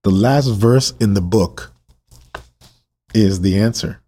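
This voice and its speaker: A man hosting a Bible-reading podcast, emotional and passionate, who repeats rhetorical questions and swings between urgent and hushed delivery. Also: lowish voice, slow pace, long pauses, husky. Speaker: podcast host.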